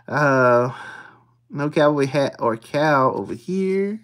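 A streamer, calling out scratch-off symbols one by one and muttering quietly while checking them. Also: mid-range voice, slow, pauses often. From Texas. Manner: reads symbols aloud in a steady list, dropping to hushed mutters when checking. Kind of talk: casual play-by-play of scratching tickets.

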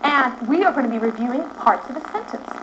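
Lively high-voiced woman teacher. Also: fast talker. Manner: energetic, coaxing, praising. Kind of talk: classroom instruction with rhythmic chanting. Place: school classroom with children. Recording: dull lo-fi phone video with loud classroom noise. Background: children and classroom noise.

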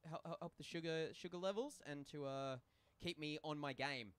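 A man's voice: fairly high pitch, normal speed, fairly bright tone, smooth. A young Australian man doing casual, joking play-by-play for a social ice hockey game from a rink booth. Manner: joking, rambling banter between play calls. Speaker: play-by-play commentator. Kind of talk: casual live sports commentary.

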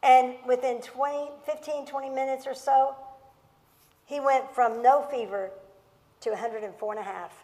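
A woman's voice: sits high, steady tone, moderate pace, dark tone. A middle-aged woman pastor preaching a sermon through personal storytelling, impassioned and emphatic, repeating words for stress. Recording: long reverb of a large hall.

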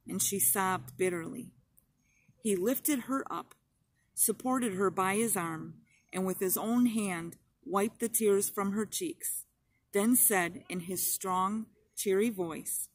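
Woman narrator, audiobook reading, slow measured pace, mid-pitched voice. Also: rough recording.

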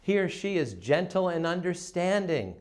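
A middle-aged man giving a seminar talk to dental office staff, emphatic and acting out phone calls in quick voice changes. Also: high voice, big pitch swings, darkish tone. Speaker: dental practice consultant.

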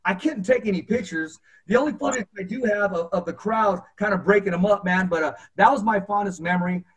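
Male podcast host, high voice, animated anecdote style. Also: brisk. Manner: animated, acts out quotes. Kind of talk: storytelling in casual interview.

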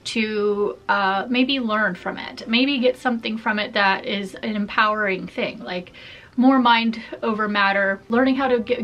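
A woman's voice: mid-range voice, a bit bright. A woman in a casual personal vlog, talking openly to camera in a chatty way, with frequent laughs and fillers. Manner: chatty, open, laughs often, many fillers. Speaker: vlogger.

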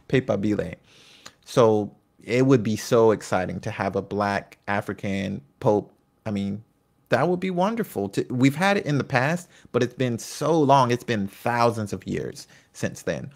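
A man's voice: medium pitch, creaky. A man hosting a history video, reading from his notes and breaking off into chatty, enthusiastic comments, sometimes tripping over names. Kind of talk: reading notes with off-the-cuff asides.

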